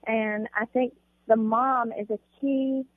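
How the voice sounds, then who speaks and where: A woman's voice: on the high side, slow pace, dry recording. Southern woman on a tinny phone line. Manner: calm, gentle. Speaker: podcast guest, pastor's wife. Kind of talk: interview answers.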